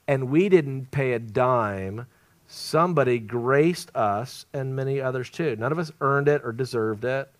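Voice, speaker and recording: Guy preaching, jokey story asides, kinda higher voice, dry mic. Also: no echo. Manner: animated storytelling with laughs and joking asides. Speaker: traveling evangelist preacher. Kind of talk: sermon.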